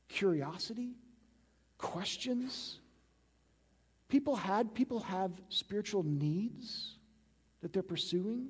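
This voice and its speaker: High-voiced male pastor in echoing hall. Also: expressive, slow, pauses often, slightly rough. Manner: casual, frequently adds tag questions like "right?". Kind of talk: conversational sermon. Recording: long reverb of a large hall.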